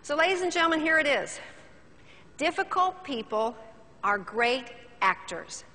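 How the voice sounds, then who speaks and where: A woman's voice: sits high, measured pace, big-room sound. A woman motivational speaker giving a theatrical keynote speech on stage to a live audience. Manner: animated, theatrical, addresses audience.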